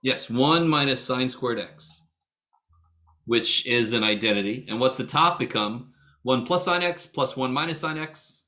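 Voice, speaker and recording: A man's voice: mid-range voice, unhurried, bright, forceful tone. A middle-aged man runs a math lecture over a video call. His delivery is casual and joking, full of blunt asides and casual swearing. He ribs students by name as he walks them through each step. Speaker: math instructor.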